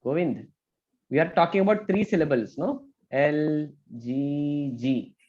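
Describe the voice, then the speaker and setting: Brisk male math teacher on a muffled call. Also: on the high side, a little mellow. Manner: brisk, checks in with frequent "okay?". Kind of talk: online class lecture. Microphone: video call.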